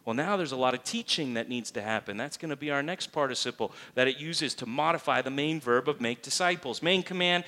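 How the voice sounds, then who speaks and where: A man's voice: mid-range voice, a little fast, hardly any pauses, bright, forceful tone. A man preaching a sermon in a church as its pastor, emphatic and full of rhetorical questions.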